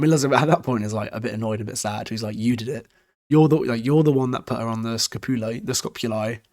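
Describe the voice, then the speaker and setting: A young British man casually recapping a book chapter for a podcast, rambling and swearing freely with frequent chuckles. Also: medium pitch. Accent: British English.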